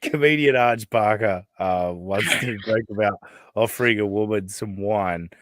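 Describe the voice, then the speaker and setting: A man's voice: fairly low pitch, moderate pace, fairly bright tone, no echo. A man, co-hosting a podcast in casual chat, rambling and laughing often. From Australia. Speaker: podcast co-host. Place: live podcast studio.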